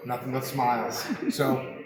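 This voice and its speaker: Man, brisk direct thank-you, echoey room, crowd audible behind. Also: medium pitch, little pitch movement. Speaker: guest giving a video message. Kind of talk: brief thank-you message.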